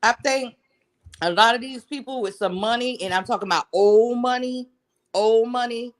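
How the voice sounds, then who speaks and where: A woman in casual chat who rambles and fills pauses with um. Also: on the high side. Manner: rambling, full of fillers.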